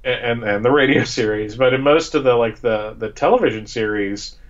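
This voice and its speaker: An eager man co-hosting a fan chat, his sound dull and lo-fi over a call. He restarts often and doubles his words as he rushes to make a point. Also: medium pitch, a loud crowd. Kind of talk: casual fan chat on a live show.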